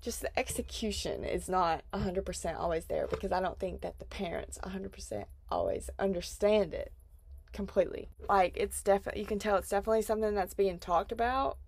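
A woman's voice: mid-range voice, animated, a little fast, darkish tone, dry recording. A woman in her twenties hosting a podcast, chatting casually and rambling with lots of "like" fillers. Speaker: podcast host. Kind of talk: casual chat.

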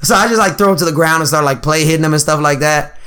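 Bright high-voiced young man telling stories. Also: quick pace, smooth. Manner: laughing storyteller, swearing, doing high-pitched voices of his brother. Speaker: podcast co-host. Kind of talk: casual podcast chat.

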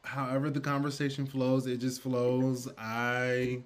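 A man's voice: medium pitch, completely flat delivery, a little slow. A man hosting a podcast, speaking in a candid, affirming, chatty way during a casual interview conversation. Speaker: podcast host.

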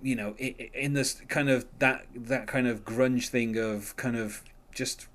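A man's voice: mid-range voice, fairly even intonation, measured pace, fairly bright tone. A man hosting a casual music podcast, rambling with many fillers and restarts and laughing often. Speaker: podcast host.

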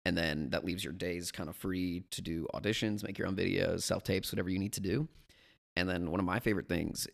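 A man chatting easily about acting and restaurant work. His voice is low and gravelly with fry. He speaks in a calm, thoughtful way. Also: fairly quick. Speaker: actor and restaurant worker. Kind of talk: casual chat.

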